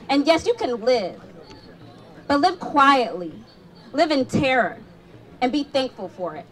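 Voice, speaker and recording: A woman's voice: high voice, very animated, normal speed, faint music behind. A young woman giving an impassioned, rhythmic protest speech at an outdoor rally, calling the crowd to repeat after her. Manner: rhythmic, declamatory, calls for response. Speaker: rally speaker.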